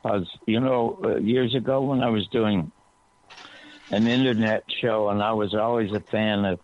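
A man on a talk radio show telling an animated story, his voice climbing high when he quotes himself. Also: moderate pace, slight background noise. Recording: tinny phone-line sound, dry.

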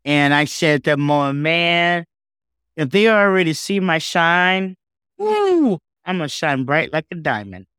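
Podcast guest, male, slightly higher register, emotional storyteller, close dry mic. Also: normal speed, clean tone, no room sound. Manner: heartfelt, animated, says "man" and "okay?" often.

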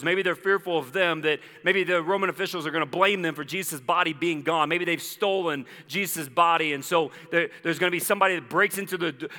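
Male pastor, bright and forceful, animated conversational preaching, echoey hall. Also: fairly high pitch. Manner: animated storytelling with conversational asides. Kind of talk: sermon.

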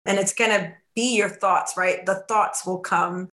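A woman coaching on faith in a casual podcast chat, telling a lively story and acting out the dialogue, sometimes dropping to a hushed voice. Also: mid-range voice, measured pace. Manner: animated storytelling, acts out quoted dialogue.

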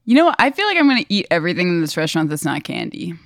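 A woman's voice: lowish voice, sing-song, rapid-fire, vocal fry, no room sound, studio quality. A woman guesting on a comedy podcast, answering playfully and a little hesitantly. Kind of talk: casual improv chat.

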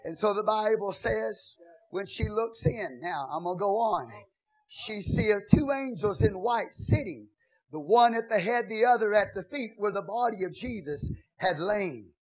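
A pastor with a very high voice and a drawl, preaching to his congregation. He drops into a low, confiding tone to retell scripture, then rises into shouted, half-sung cries. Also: lively intonation, a little slow. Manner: swings from soft storytelling to shouted, sing-song preaching. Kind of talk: sermon.

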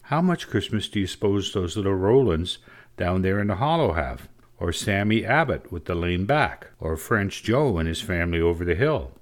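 A man's voice: low-pitched, animated, moderate pace. A man voicing an earnest older cousin. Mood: persuasive. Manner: earnest, gently persuasive. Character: kindly, wise older female cousin.

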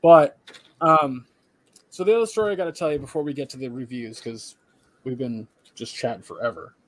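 Recounting a work story in an animated way, a tired young podcast co-host imitates the voices of the people in it and swears casually. He has a medium pitch and speaks fairly quickly, with no echo on the recording.

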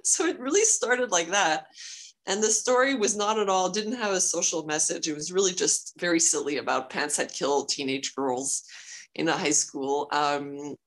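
A woman from Quebec, a filmmaker guest, telling stories in a lively casual way and laughing easily. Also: on the low side, moderate pace, poor audio. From Quebec, Canada. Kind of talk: casual interview storytelling.

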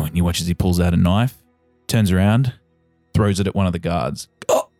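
Deep-voiced male game master narrating. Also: normal speed, dry recording, soft background music. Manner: steady, descriptive narration with repeated "you watch".

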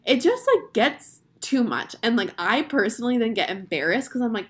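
A woman's voice: fairly high pitch, lively intonation, moderate pace, few pauses, a bit bright. A young woman in her twenties hosting an advice show, talking casually and earnestly, with lots of fillers. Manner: chatty, filler-heavy, earnest. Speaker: advice podcast host.

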